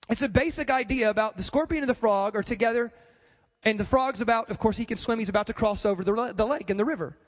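A male pastor with a very high voice preaches to his congregation, stressing points by repeating them. His words ring out with long reverb in a church hall. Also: fast. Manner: repetitive, emphatic, addresses the congregation. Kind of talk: sermon.

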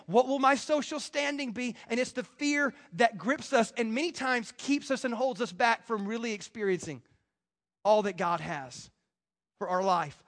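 Male preacher with a very high voice; lively sermon delivery, acts out quoted voices, stammers and restarts. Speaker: pastor. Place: church.

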